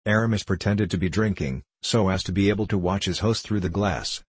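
A man narrating a classic novel as an audiobook in a measured, even reading. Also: low-pitched, slightly rough, dry recording.

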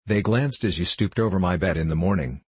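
A man reading aloud gives a humble, eager merchant who pleads in a hurried, earnest way. The voice is deep and a little husky. It sounds close and dry, with no room echo. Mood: pleading. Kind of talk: audiobook character voice.

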